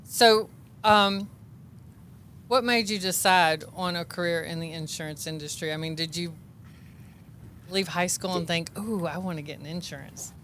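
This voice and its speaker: A woman's voice: fairly low pitch, normal speed, pauses often, fairly bright tone, slight background noise. Woman host asking casual questions. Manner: brief casual prompts and backchannels. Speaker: podcast host. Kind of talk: interviewing.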